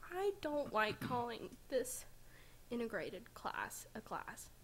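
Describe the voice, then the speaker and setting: A woman's voice: on the high side, slight background noise. A sixteen-year-old girl giving an emotional speech at a school board meeting, fighting back tears. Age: teens. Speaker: student speaker.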